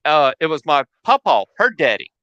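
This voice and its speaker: A man in his forties casually telling a family ghost story, pausing and restarting as he remembers. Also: on the high side, very animated, fairly bright tone, no echo, dull audio. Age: 40s. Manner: halting, restarts while recalling memories.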